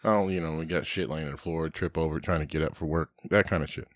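A man's voice: very deep voice, fairly even intonation, quick pace, no echo, clean studio sound. A middle-aged man on a podcast, casually telling rambling stories full of swearing and laughter. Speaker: podcast host. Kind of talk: casual storytelling chat.

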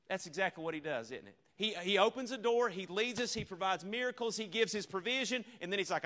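A man's voice: sits high, pushed and bright. A man preaching a revival sermon, earnest and repetitive, asking the congregation rhetorical questions. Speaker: visiting preacher.

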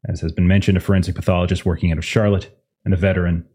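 Very deep-voiced game master. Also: male voice, level tone, rapid-fire, dark tone, slightly rough. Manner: swears casually, mock-stern. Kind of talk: game master recap and table banter.

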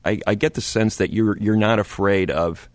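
A man hosting a radio music show, asking measured, thoughtful questions of a guest. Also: fairly low pitch, dry recording. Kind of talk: interview questions. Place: radio studio.

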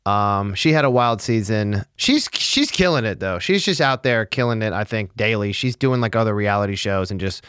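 A man's voice: on the low side, lively intonation, fairly bright tone, clean tone, no echo, studio quality. A man hosting a casual podcast, talking bluntly with swearing and jokes. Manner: blunt, profane, quick to joke. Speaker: podcast host. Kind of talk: casual chat.

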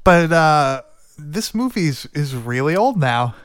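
Casual male podcaster, smooth clear voice, dry close sound, chatty and loose. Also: fairly high pitch, big pitch swings, measured pace, a bit bright, no room sound. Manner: loose and chatty, swears casually, stumbles over names. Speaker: podcast co-host. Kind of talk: casual movie discussion.

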